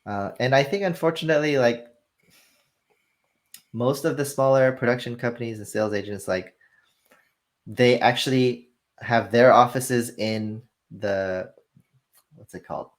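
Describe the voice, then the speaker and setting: A man casually explaining the film business as an interview guest, telling animated anecdotes and acting out the dialogue. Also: medium pitch, measured pace, long pauses. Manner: animated storytelling, acts out dialogue.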